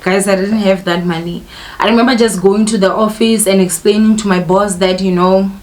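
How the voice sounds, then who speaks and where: A woman's voice: medium pitch, fairly even intonation, a little fast. Candid woman telling a story. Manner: emotional, candid, keeps addressing the viewers. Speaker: vlogger telling a personal story. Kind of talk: casual storytime monologue.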